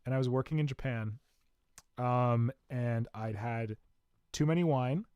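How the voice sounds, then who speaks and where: A man in his own easygoing voice hosts a casual podcast chat, rambling and poking fun at himself. His pitch sits in the middle, and the recording is dry and close, with no room sound. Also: a little slow, clear, resonant tone, no room sound, dull audio. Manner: chatty, self-mocking storyteller. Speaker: podcast host.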